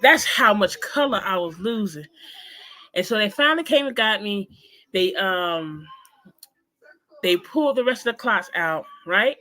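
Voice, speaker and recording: A woman guest in an interview, telling a personal story in an animated, emphatic way and speaking straight to her listeners. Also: mid-range voice, unhurried, pauses often.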